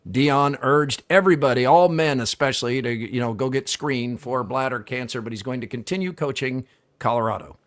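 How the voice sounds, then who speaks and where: A middle-aged man co-hosting a casual sports talk show, relaxed and reading sponsor plugs between chatter. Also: medium pitch, fairly quick. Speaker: radio show co-host.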